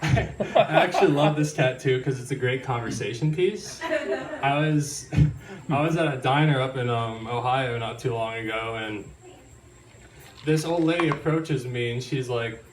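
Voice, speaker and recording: A man's voice: mid-range voice, normal speed. A young man performing a stand-up set in a live venue, rambling, giggling and apologizing often. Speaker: stand-up comedian. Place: live comedy venue, audience in room. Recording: roomy live recording from a distance, crowd noise.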